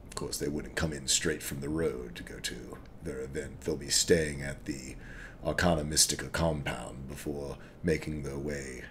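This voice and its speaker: A man voicing a watchful, sly male half-orc who haggles in a wry, quietly suspicious way. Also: very deep voice, slight background noise, voice pushed down, heavily acted.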